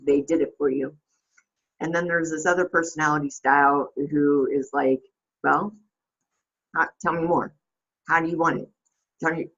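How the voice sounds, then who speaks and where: A woman's voice: sits low, breathy edge, dull audio. A woman hosting a casual reflective monologue, rambling with many fillers and restarts. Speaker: host.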